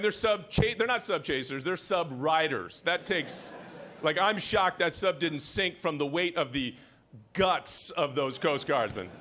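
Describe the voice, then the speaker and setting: Pushed and bright, a middle-aged man's fairly high voice rings out as he emcees an award ceremony in a large hall. Speaking into a podium microphone, he cracks jokes and teases the audience.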